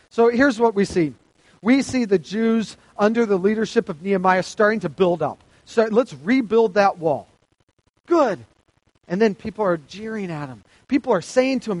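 A man preaching a sermon to a youth audience, reading scripture aloud with emphatic, animated delivery. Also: sits high, moderate pace, no echo, rough recording.

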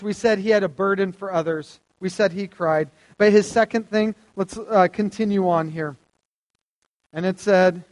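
A man's voice: sits high, in a large hall. A man preaching a sermon to a live audience, conversational and asking them questions. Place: hall with stage lights.

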